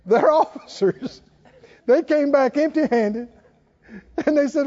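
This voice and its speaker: High-voiced preacher man in a hall. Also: animated, unhurried, pauses often, mellow. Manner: preaching with laughs and rising exhortation. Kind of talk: sermon. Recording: dull sound in a reverberant hall.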